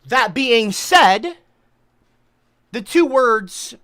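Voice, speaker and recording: A woman's voice: fairly high pitch, lively intonation, drawn-out words, no echo. Woman streamer, comic rant, indignant, dry close sound. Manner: indignant, swings into shouted outbursts. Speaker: livestreamer. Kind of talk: comedic livestream rant.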